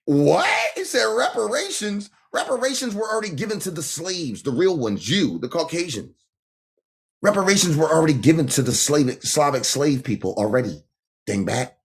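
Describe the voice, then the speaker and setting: A man's voice: fairly high pitch, big pitch swings, normal speed, creaky. A man hosting a livestream, talking straight at his viewers in a confrontational, taunting rant. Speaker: livestream host. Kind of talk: ranting livestream monologue. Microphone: phone livestream.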